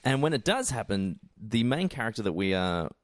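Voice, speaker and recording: Co-host, man, low voice, dry recording, thoughtful and measured. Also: sing-song, no room sound. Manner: thoughtful, searching for words. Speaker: podcast co-host. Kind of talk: casual chat.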